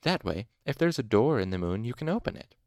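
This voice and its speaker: A man's voice: medium pitch, sing-song, a little fast, a little mellow, no room sound, clean studio sound. A man voicing a shy, whimsical young woman who speaks with eager, childlike wonder in a storybook reading.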